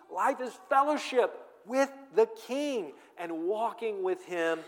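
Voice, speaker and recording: A fairly high-voiced man preaches with fervor, his voice rising to loud declarations and then sinking almost to a murmur. Long reverb from a big hall trails behind each phrase. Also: animated, slow. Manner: emphatic preaching, swinging from loud to hushed. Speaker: pastor. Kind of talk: sermon.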